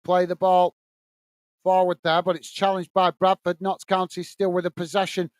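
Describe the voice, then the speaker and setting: A man's voice: high-pitched, monotone, normal speed, dry recording. A man hosting a football watch-along, calling the play casually and reading out viewer messages. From England. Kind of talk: live fan commentary and chat reading.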